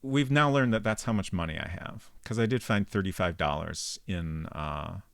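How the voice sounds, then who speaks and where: A man giving casual live-stream commentary while playing a game, chatting with viewers and thinking out loud. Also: low voice, moderate pace, gravelly, no echo.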